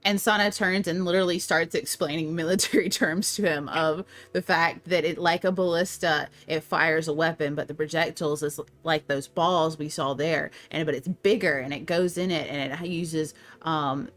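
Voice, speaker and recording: Brief: lively woman player, slightly low, rambling storyteller. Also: normal speed, hardly any pauses. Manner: animated, run-on storytelling. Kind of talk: role-play narration.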